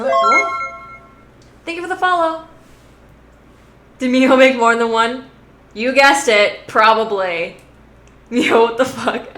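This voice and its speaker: Bright, giggly woman streamer. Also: fairly high pitch. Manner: giggly, rambling, swears freely. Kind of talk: casual live-stream chat. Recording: roomy echo.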